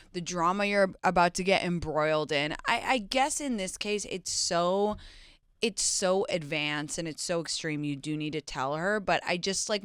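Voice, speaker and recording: A woman's voice: mid-range voice, clear, resonant tone, dry recording, studio quality. A woman hosting an advice podcast, talking frankly and expressively in casual chat. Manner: expressive, frank, reacting with disgust. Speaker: podcast host.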